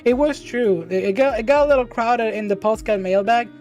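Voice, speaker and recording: A woman's voice: on the high side, fairly quick, a little mellow, faint music behind. Bubbly woman streamer, laughs a lot. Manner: bubbly, laughs often, exclaims and restarts. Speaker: podcast host and streamer. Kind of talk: casual livestream chat reading viewer questions.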